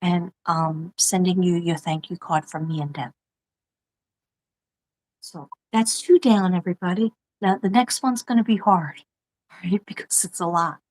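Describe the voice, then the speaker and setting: A middle-aged woman with a New York accent talks casually to her livestream viewers. Her voice sits a little low. She rambles from one story to the next and laughs often. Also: a little slow, darkish tone, rough recording. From Staten Island, New York. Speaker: livestream host, former teacher. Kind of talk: casual livestream chat reading mail.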